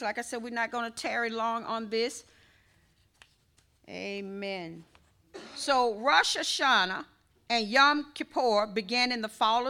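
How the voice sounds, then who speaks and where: High bright-voiced woman preaching slowly. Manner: calls out prayer, then teaches conversationally with call-and-response. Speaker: pastor. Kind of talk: sermon.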